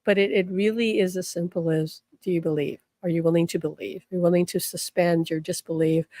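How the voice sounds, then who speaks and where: A woman teaching a live spiritual class, encouraging and animated, acting out the people she quotes in her stories. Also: lowish voice, dry recording, studio quality. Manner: animated storytelling, quotes people in changing voices; encouraging, repeats affirmations.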